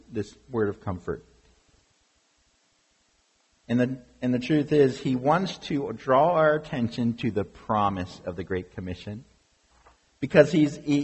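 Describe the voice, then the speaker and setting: A man's voice: fairly high pitch, darkish tone, husky. A man preaching a sermon as pastor, earnest and emphatic, asking his congregation questions. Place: church sanctuary. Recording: long reverb of a large hall.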